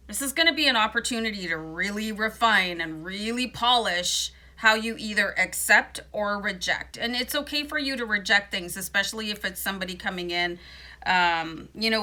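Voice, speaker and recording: A woman's voice: mid-range voice, sharp tone. A woman with a morning voice giving a casual, chatty tarot card reading, reassuring and full of fillers. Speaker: tarot reader.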